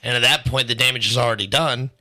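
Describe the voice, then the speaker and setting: A man with a very bright, sharp voice rambles through personal stories on a casual podcast. He uses lots of fillers and swears freely. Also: mid-range voice, quick pace. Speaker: podcast co-host.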